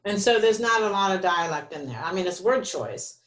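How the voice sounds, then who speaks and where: A woman's voice: medium pitch, expressive, brisk, roomy sound. A woman co-hosting a podcast, explaining writing rules in a conversational teaching manner. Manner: explanatory, gives rules of thumb. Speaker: podcast co-host.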